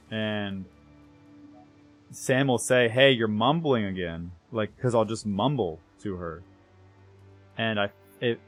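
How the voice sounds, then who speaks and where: A man's voice: fairly low pitch, slow pace, long pauses, soft background music. Rambling young American man streaming. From United States. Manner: rambling, self-correcting, trails off softly. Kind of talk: casual chat with stream viewers while gaming.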